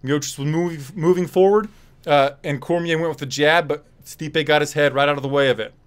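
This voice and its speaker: A man giving casual play-by-play fight commentary on a live stream, quick and loose with fillers and restarts. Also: fairly high pitch, fairly even intonation, smooth.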